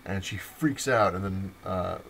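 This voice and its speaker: A young man with a low voice talks through comics in a loose, rambling vlog. He leans on fillers and chuckles as he goes. A faint room hum sits behind him. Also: a little slow, creaky, fairly bright tone. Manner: rambling, filler-heavy retelling with laughs. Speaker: comic book vlogger. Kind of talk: casual comic review vlog.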